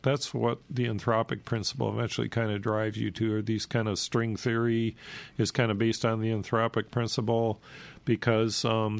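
A man with a low, gravelly voice talks through ideas and reads passages aloud, pausing often with fillers. He sounds short of breath and keeps stopping to cough. The sound is dry and close. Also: no echo. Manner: halting, many fillers and restarts. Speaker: radio host. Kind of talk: casual spoken commentary reading from a book.

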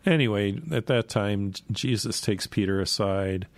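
A man's voice: lowish voice, normal speed, no echo. A man casually retelling Bible stories in a rambling way, full of fillers and asides.

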